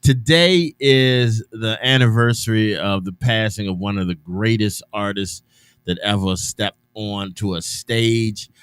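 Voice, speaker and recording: A man hosting an afternoon radio show in casual talk, loose and chatty with drawn-out hesitations and restarts. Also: lowish voice, fairly bright tone, clean tone, dry recording. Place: radio studio.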